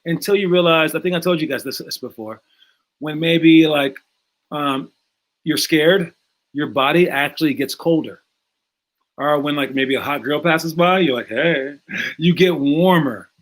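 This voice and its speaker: A man coaching young basketball players in a casual talk, energetic, with many fillers and repeated words. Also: on the high side, normal speed. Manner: energetic, acts out movie scenes in raised voices.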